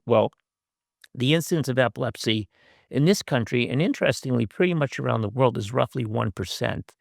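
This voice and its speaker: Gravelly older man giving a wry talk. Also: mid-range voice, animated, a little fast, no echo, clean studio sound. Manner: wry, self-deprecating asides with frequent fillers. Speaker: guest speaker, professor. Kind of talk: conversational lecture. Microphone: video call.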